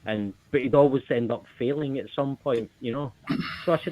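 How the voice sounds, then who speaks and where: Brief: male UK caller, casual storyteller, mid-pitched, telephone-quality sound. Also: fairly quick. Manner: animated, swearing storyteller. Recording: phone-line audio.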